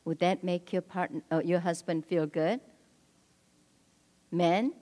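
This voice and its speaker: A woman leading a marriage seminar at a church, speaking directly and prompting the audience with quick cues. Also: lowish voice, fairly even intonation, warm tone. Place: church hall. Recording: long hall reverb.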